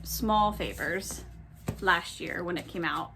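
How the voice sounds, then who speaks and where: A woman's voice: on the low side, slow pace, creaky, pushed and bright, a little hiss or hum. A young woman chatting casually at home in a book vlog, rambling with many ums and self-corrections, with the hiccups. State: has the hiccups. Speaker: book vlogger. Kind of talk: casual chat. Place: home, in her pajamas.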